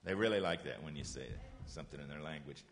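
A man giving a lesson to children in a patient, encouraging way, slowly repeating phrases for them to say back. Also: rumbling low, long reverb tail. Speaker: teacher.

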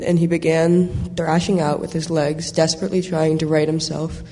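Mellow, level-voiced male storyteller. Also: fairly high pitch, moderate pace. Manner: steady, with occasional repeats. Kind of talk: storybook reading. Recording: long hall reverb.

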